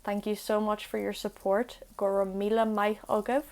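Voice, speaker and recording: A woman's voice: medium pitch, little pitch movement, moderate pace, darkish tone. Young woman, language-video host, casual and self-mocking, mid-range voice. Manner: chatty, self-deprecating asides.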